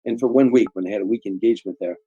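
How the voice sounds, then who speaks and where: This Chicago-area comedian, an older American man, talks very fast in a husky, mellow voice on the low side. As an interview guest, he tells rambling, heartfelt stories and repeats words a lot. There's no echo, but the recording's highs are cut off.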